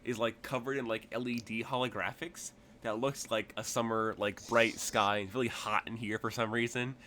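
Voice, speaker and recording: A man's voice: mid-range voice, steady tone, moderate pace, bright, forceful tone, a little hiss or hum. A man narrating a tabletop game as game master, rambling through his descriptions with many fillers.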